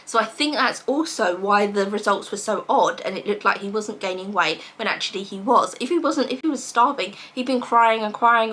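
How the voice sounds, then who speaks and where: Young british woman chatting to camera, bright voice, acts out the other people. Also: medium pitch. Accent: British English. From England. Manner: animated, quotes others in dialogue. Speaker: vlogger. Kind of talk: casual storytelling to camera.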